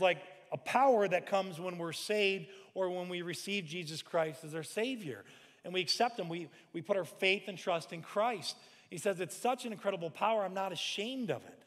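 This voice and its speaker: A man in his forties preaching a sermon in an animated way, acting out scenes with sudden shouted lines. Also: fairly high pitch. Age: 40s. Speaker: pastor. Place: large church sanctuary. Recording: long hall reverb.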